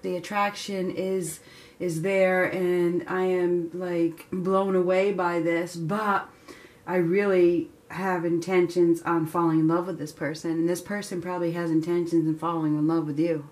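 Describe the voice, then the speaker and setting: Woman tarot reader, slightly low voice, chatty, excitable, lots of fillers and laughs. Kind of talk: casual tarot reading.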